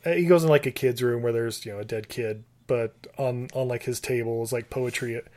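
A man's voice: medium pitch, steady tone, brisk, a little mellow. A man co-hosting a podcast, casually recapping a movie with rambling, filler-heavy talk. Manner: rambling, many fillers and restarts. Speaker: podcast co-host.

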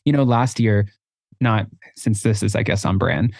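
A man's voice: on the low side, normal speed, vocal fry, darkish tone, dry recording, studio quality. A man co-hosting a casual podcast, playful and self-deprecating as he tells stories. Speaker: co-host.

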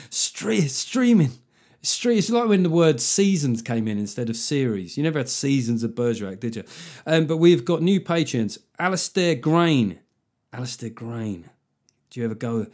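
A man talking alone into the mic as the host of his comedy podcast. He rambles in a loose, sardonic way, breaking into puns and quick mock voices. His voice sits at an ordinary male pitch. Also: darkish tone. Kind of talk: solo comedic podcast monologue.

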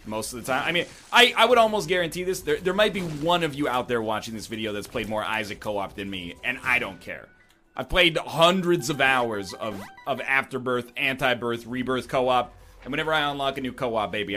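A man's voice: mid-range voice, brisk, bright, forceful tone, soft background music. A man giving rambling, jokey commentary while playing a video game, full of wry asides. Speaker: gameplay commentator. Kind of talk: gameplay commentary with rambling jokes.

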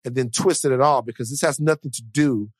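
A man co-hosting a podcast, talking in a relaxed chat voice that turns earnest, leaning hard on his words with dramatic pauses, almost like a preacher. His pitch sits in a middle register. The room is close and dry. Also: no room sound. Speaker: podcast co-host. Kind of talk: casual political chat.

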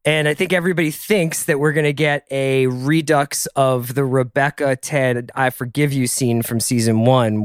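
Discussing a TV episode on his podcast, a man keeps it casual and chatty, working through his thoughts aloud with asides and restarts. His medium-pitched voice is clear and resonant. It's studio-quality audio with no room sound at all.

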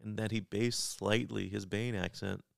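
A man's voice: fairly low pitch, steady tone, measured pace, gravelly, no echo, studio quality. A man co-hosting a podcast, adding wry asides and offhand theories during a cartoon recap. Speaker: podcast co-host. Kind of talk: casual recap chat.

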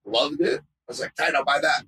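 A man guesting on a casual podcast, excitable and profane, saying "bro" a lot. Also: fairly high pitch, fairly quick, slightly rough, rough recording. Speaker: podcast guest and tattoo shop owner.

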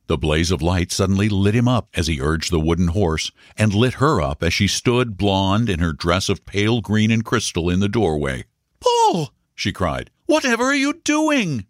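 A man narrating a story in a measured, dramatic way, slowing down for suspense. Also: deep voice, no echo, studio quality.

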